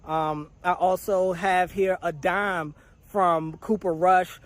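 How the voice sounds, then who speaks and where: A man reporting a practice recap in a conversational, steady play-by-play manner. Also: high-pitched, slow, dry recording. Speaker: training camp reporter.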